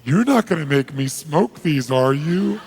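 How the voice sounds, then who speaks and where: Man playing an anxious male smoker, gravelly and a bit high, hesitant and pleading. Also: expressive, a little slow, darkish tone, exaggerated voice. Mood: reluctant. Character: nervous middle-aged male smoker, reluctant and pleading.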